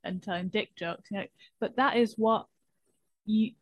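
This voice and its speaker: A woman comedian in casual chat, laughing along and chiming in with quick replies. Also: medium pitch, dry recording.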